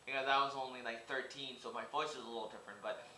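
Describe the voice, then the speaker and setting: A man's voice: medium pitch, fairly even intonation, fast, pushed and bright, slight background noise. A man in his twenties rambling casually to camera in a vlog, stammering and repeating words as he goes. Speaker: vlogger. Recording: roomy echoey room.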